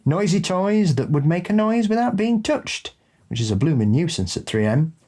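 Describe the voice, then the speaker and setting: Husky-voiced male co-host reading ghost stories aloud, dry and unhurried. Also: fairly high pitch, big pitch swings, a little mellow. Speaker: podcast co-host. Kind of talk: casual chat and reading listener stories.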